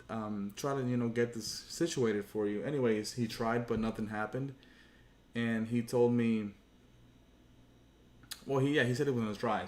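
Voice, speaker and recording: A frustrated man with a lowish, darkish voice tells a rambling, profane story during a livestream from an echoey home room. He hosts a gaming channel, and his casual rant includes acted-out quotes.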